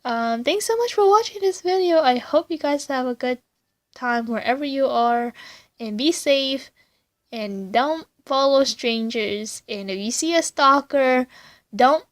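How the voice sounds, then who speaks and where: A woman's voice: sits high, lively intonation, measured pace, no echo. A woman casually reviewing an anime episode on video, rambling with lots of fillers and sounding emotional. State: teary, voice breaking.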